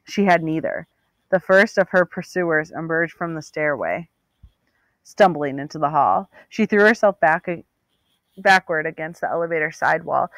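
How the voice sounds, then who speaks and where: A woman narrating an audiobook with steady, expressive storytelling. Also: sits low, no echo. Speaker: audiobook reader.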